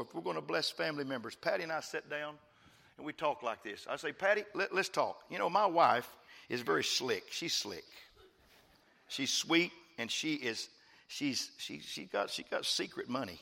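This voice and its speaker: A man preaching a fervent sermon as pastor, repeating phrases and swinging from quiet asides to loud praise. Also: a little high, animated, moderate pace, vocal fry, long reverb tail. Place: church.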